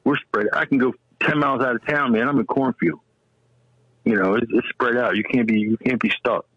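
Man, husky dry voice, excitable rambler, dull lo-fi sound. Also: mid-range voice, brisk, no echo. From American South. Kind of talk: casual chat.

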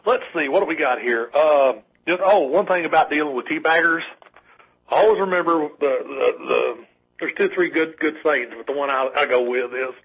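A fairly high-voiced man rambles through casual political talk on a call-in radio show, stumbling over restarts and dropping wry asides. His voice is husky, and the broadcast sounds dull and lo-fi. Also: normal speed. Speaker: call-in co-host.

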